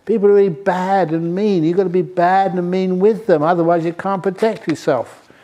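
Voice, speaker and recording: A man's voice: sits high, steady tone, normal speed, mellow, pitched above the performer's own voice, lightly acted. A man voicing a hurt male snake who complains bitterly and indignantly.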